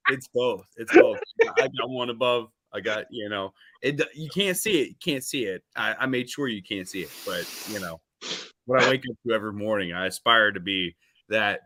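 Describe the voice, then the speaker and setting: Male wrestler, podcast guest, forceful bright tone, deadpan delivery, very dry close sound. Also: medium pitch, moderate pace, no room sound. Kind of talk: casual podcast chat.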